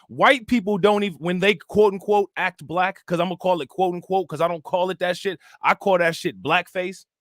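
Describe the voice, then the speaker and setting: Young man, fairly high voice, bright tone, profane livestream rant, rhetorical questions. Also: no room sound, studio quality. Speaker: livestream political commentator. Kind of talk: casual livestream rant reacting to chat.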